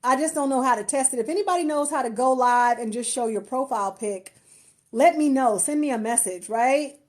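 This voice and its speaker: Speaking fairly quickly in a high voice, a female marketer and empowerment coach chats casually with viewers over a phone live stream. She comes across as gushing and thankful, often restarting and laughing.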